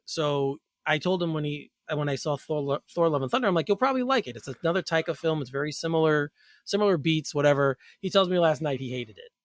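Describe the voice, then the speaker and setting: A man's voice: fairly high pitch, fairly bright tone, no room sound, studio quality. A man on a podcast chatting in a laid-back, teasing way. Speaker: podcast co-host. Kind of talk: casual chat.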